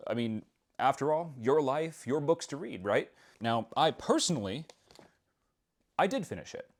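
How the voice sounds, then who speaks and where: A young man hosting a casual book-review video, speaking in a wry, self-deprecating and expressive way. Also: mid-range voice.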